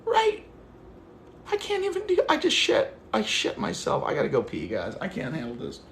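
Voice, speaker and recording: Worked-up high-voiced man ranting on stream. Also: wildly swooping pitch, moderate pace, a bit bright. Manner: agitated, profane, talks to chat. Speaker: livestreamer. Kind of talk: casual livestream rant. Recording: echoey room with faint noise.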